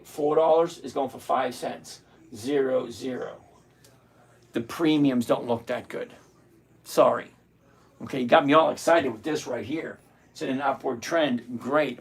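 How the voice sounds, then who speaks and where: A man's voice: medium pitch, breathy edge. A middle-aged man hosting a live trading stream, bluntly thinking aloud and greeting viewers by name. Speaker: livestream host.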